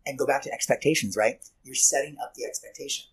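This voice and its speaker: A man in an easygoing podcast chat, speaking in a middle-pitched voice. He teaches and slips into short acted-out quotes, changing his tone for each one. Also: fast talker, rough recording. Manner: animated, acts out quoted speech. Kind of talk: casual podcast conversation.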